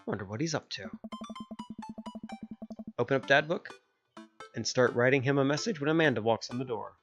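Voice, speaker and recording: Male streamer, young, jokey narrator, animated delivery. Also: medium pitch, moderate pace. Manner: jokey, switches between narration and character voices. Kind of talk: voicing a dating game playthrough. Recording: slightly dull lo-fi sound with faint music.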